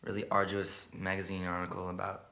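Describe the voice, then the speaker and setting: A man quietly murmuring a story as the spoken intro of a song. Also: deep voice, completely flat delivery, brisk, creaky. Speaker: singer telling a story before a song. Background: plucked guitar music.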